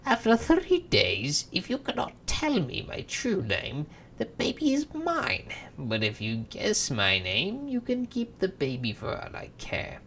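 A reader voicing a boastful, mocking little imp man in a storybook read-aloud, loud and taunting with sudden high leaps. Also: wildly swooping pitch, measured pace, hardly any pauses, a little hiss or hum, full character voice.

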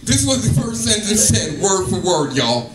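A man doing a stand-up comedy set in a club, telling a profane story with lively acted-out quotes. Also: high voice, normal speed, very noisy. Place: comedy club stage, live audience. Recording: echoey club, distant mic, music behind.

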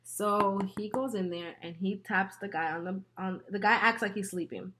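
A woman beauty vlogger tells a long personal story while applying makeup. Her voice is bright with a sharp edge, and she keeps her delivery lively, casual and peppered with swearing and laughter. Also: mid-range voice, normal speed, slight background noise. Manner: animated and profane, laughing often.

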